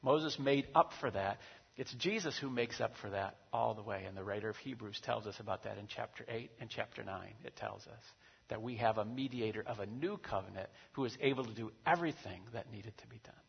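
A man pastor preaching a sermon, animated and acting out quoted voices with big swings in loudness. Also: lowish voice, fairly quick, gravelly, husky. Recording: dull recording with long hall reverb.

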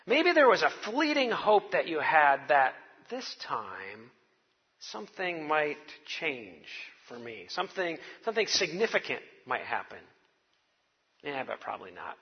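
A man's voice: fairly high pitch, wildly swooping pitch, measured pace, slightly rough, long reverb tail, muffled recording. A man preaching a sermon to his congregation, telling it like a wry, conversational story. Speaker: pastor.

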